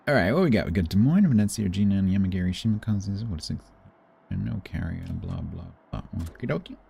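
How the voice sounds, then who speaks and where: Male streamer, deep voice with lively swings, light hiss behind. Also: brisk, gravelly. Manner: chatty, muttering, playful sound effects. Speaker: game streamer. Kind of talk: live gameplay commentary.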